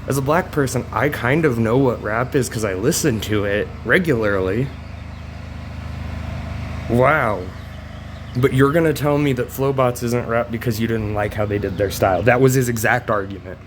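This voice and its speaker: A man's voice: mid-range voice, moderate pace, a little hiss or hum. A man ranting in a political vlog, combative and mocking, loose and rambling with some swearing. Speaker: vlogger.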